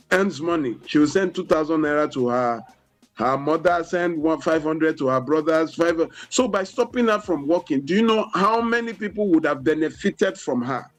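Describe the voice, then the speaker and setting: A man's voice: a little high, expressive, soft background music, poor audio. Nigerian man explaining on radio. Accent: Nigerian English. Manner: deliberate, explanatory, peppered with "you know". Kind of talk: radio talk show explanation. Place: radio studio.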